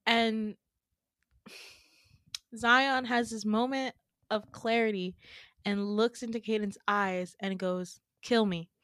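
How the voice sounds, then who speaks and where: A woman's voice: on the high side, steady tone, takes it slowly, pauses often, a bit bright, dry recording, studio quality. A woman hosting a podcast, retelling a dream in a chatty, casual way with lots of fillers. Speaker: podcast host.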